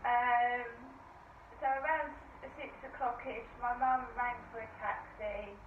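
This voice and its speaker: A woman's voice: fairly high pitch, unhurried, a little hiss or hum. A middle-aged woman tells a rambling story with asides in a casual vlog at home. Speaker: vlogger. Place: home flat. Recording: echoey phone-like audio from far off.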